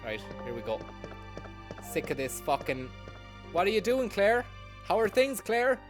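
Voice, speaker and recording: A man's voice: sits high, sing-song, measured pace, low-quality recording. A man streaming a game, joking, swearing and talking to his chat. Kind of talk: casual live-stream commentary. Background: loud music.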